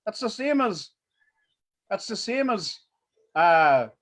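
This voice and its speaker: A young Northern Irish man talks in loose, sweary podcast banter. He rambles and restarts his sentences mid-thought, laughing along as he goes. His voice sits a touch higher than most men's. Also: big pitch swings, slow pace, fairly bright tone. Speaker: podcast co-host. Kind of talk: casual chat.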